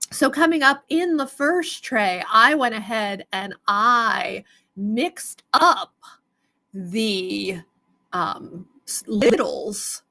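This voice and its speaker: Woman chatting on a live sale stream, slow and easygoing, higher voice. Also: fairly bright tone. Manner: chatty, greets viewers by name. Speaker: host of a live stone sale. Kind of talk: casual live-stream selling chat.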